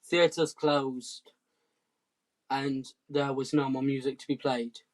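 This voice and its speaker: A man from southwest England doing rambling comic patter between songs, hesitant and deadpan, full of ums and restarts. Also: mid-range voice, slow. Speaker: comedy musician hosting a live stream.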